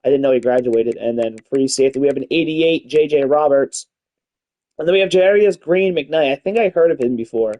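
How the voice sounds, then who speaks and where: A man streaming a college football game, chatting casually and reading out stats, with sudden excited mock-announcer outbursts and swearing. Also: medium pitch, brisk. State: tired, yawning. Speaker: gaming streamer. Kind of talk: casual live game commentary.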